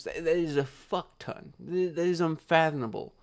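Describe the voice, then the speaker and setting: A young man with a gravelly, creaky voice rants into his camera late at night. He rambles, gets worked up and swears freely, talking casually to his viewers. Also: on the high side, normal speed, a little mellow. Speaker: YouTuber.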